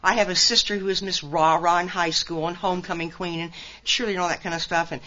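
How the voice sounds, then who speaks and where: An older woman from Nebraska, USA, with a lowish voice, steady tone and quick pace, sounds bright and forceful as she gives a folksy personal testimony at a recovery conference. She tells stories and throws punchy asides to the crowd, captured in a dull lo-fi recording.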